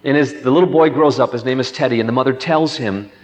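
A man's voice: medium pitch, quick pace, in a large hall, low-quality recording. A man preaching a sermon and telling a children's story, acting out its voices.

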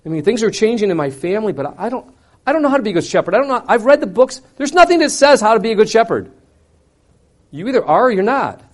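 A man preaching, telling a personal story in an animated way with wide swings between loud and quiet. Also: sits high, fast. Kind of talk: sermon storytelling.

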